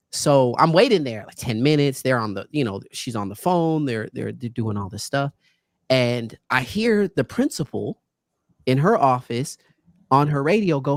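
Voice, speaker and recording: In a podcast studio, a male guest speaker spins casual, lively stories, frequently raising his voice to act out other people. His voice is a little high, animated and creaky, he talks fairly quickly, and the studio-quality recording has no room sound.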